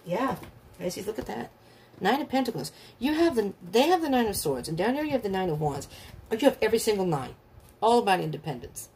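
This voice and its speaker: A woman's voice: medium pitch, very animated, fairly quick, a little mellow, slight background noise. A woman giving a casual tarot reading, talking bluntly and animatedly, often laughing and acting out the people she describes. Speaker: tarot reader.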